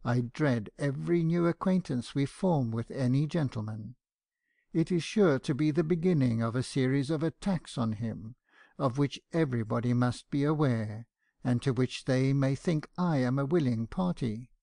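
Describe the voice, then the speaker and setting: A man's voice: mid-range voice, normal speed, gravelly, mellow, dry recording, clean studio sound, lightly acted. A man voicing a tearful young woman. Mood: distressed. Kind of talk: audiobook character reading.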